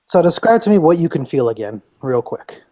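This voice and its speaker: A man's voice: on the high side, sing-song, brisk, mellow, rough recording. A man narrating a tabletop game as game master, describing scenes with frequent restarts.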